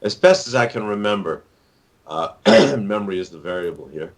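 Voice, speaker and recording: Rambling deep-voiced older man. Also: very animated, normal speed. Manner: rambling, many fillers and restarts. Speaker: author and actor, interview guest. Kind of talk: casual interview talk.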